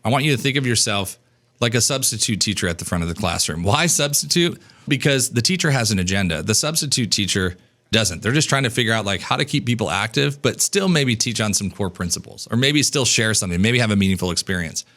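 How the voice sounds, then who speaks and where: Upbeat man coaching in a casual tone. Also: fast. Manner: animated, acts out dialogue in a higher voice, casual swearing. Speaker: business coach. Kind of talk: energetic casual teaching.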